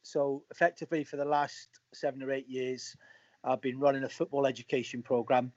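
Speaking briskly at medium pitch, an ex-footballer shares casual anecdotes while being interviewed. He brings his tales to life by voicing what each person said. Expect slightly muffled, dry audio.

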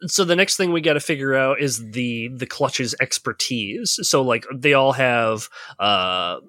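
A man's voice: mid-range voice, measured pace, bright, forceful tone, dry recording. A man acting as game master on a voice call, explaining the game setup in a rambling way with lots of fillers.

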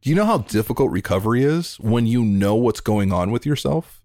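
A man hosting a podcast interview over a remote call, talking in an earnest, heartfelt way and in quick bursts. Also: mid-range voice, animated, a little mellow, no room sound, studio quality. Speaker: podcast host. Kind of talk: emotional interview conversation.

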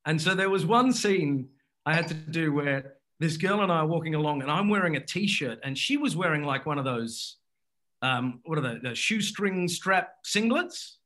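An expressive, slightly bright voice on the high side belongs to a man appearing as a guest. In casual anecdotal talk he wanders through a story, restarting often and laughing quickly.

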